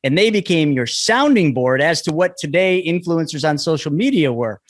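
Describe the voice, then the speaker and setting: Podcast host dude, kinda high voice, preachy, talks right to the listeners, dry mic. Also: male voice, animated, moderate pace, no echo. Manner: addresses listeners directly, lecturing tone. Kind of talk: podcast interview commentary.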